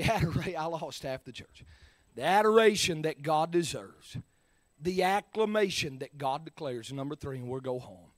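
A man preaching a sermon in church, sliding from low, easy talk up to shouted, drawn-out lines. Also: dry recording.

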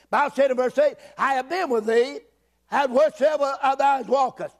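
Very high-voiced preacher guy, fiery, keeps hollering and repeating himself. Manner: fervent, repetitive, often shouting. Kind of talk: sermon.

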